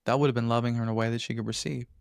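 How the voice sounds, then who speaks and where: Gravelly guy on a podcast, earnest, keeps restarting sentences, dry sound. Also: medium pitch, fairly even intonation, rapid-fire, no room sound. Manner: earnest, restarts phrases while explaining. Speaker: podcast guest. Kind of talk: casual interview talk.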